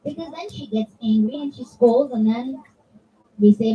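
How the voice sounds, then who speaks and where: A woman's voice: high voice, unhurried, long pauses, distant mic, highs cut off, slight background noise. A woman giving an interactive religious talk to children, acting out her examples. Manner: animated, acts out examples in voices. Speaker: children's religious class speaker. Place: religious center hall.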